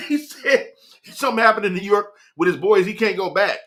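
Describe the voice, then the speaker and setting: A man's voice: high voice, expressive, fairly quick, sharp tone. A man hosting a morning show, telling a comic story in a loose, slangy way and laughing often.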